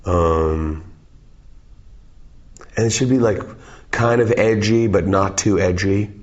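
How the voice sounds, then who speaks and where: A man in his forties, a musician, takes his time with a low, darkish voice. He jokes and wanders through interview answers, interrupting himself along the way, on a dull, lo-fi recording.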